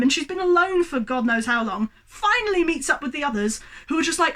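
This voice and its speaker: A young woman with a high, bright voice rants about a film at home, getting more exasperated as she goes. She talks in a worked-up, sweary way, straight into a camera on a tripod. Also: expressive, fairly quick. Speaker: movie reviewer. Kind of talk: animated ranting movie review.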